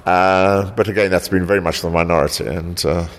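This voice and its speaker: Born in South Africa, this founder of a local heritage group speaks in a low, steady voice. He responds to the interviewer hesitantly, repeating himself and frequently closing with "actually."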